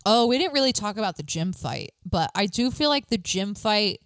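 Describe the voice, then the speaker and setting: A woman's voice: medium pitch, moderate pace, no echo. A woman co-hosting a podcast, recapping a reality show in casual chat and acting out what people said. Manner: animated, acts out quotes in exaggerated voices. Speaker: podcast co-host.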